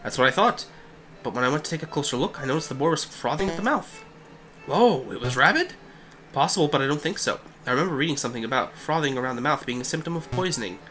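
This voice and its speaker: Boastful male hunter read by a man, self-assured storytelling, bright tone, faint background music. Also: mid-range voice, expressive, fast.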